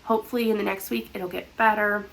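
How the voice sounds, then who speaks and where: A woman's voice: mid-range voice, fairly even intonation, quick pace, vocal fry, fairly bright tone, slight background noise, low-quality recording. A woman with a nasal, congested voice, talking earnestly and a bit ramblingly to her viewers in a casual vlog. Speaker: vlogger. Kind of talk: casual to-camera talk.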